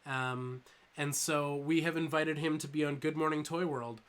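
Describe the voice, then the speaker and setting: A young man hosts a live stream from home in a voice pitched a little high. He rambles in a loose, joking way and leans on ums while he answers chat. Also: fairly even intonation, moderate pace, fairly bright tone, clean tone. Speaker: toy channel host streaming live.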